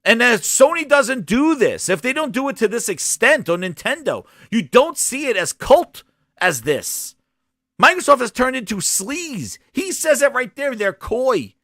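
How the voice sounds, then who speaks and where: A man's voice: very high voice, very animated, measured pace, pushed and bright, no room sound, clean studio sound. A man hosting a gaming podcast, delivering a heated, profane rant with mocking impressions. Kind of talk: ranting solo commentary.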